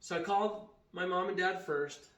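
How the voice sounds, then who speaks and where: A man's voice: high voice, moderate pace, a bit bright. A man casually telling a story in a vlog, retelling it with animation and acting out the quoted dialogue. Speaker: vacation rental owner and vlogger. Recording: echoey room.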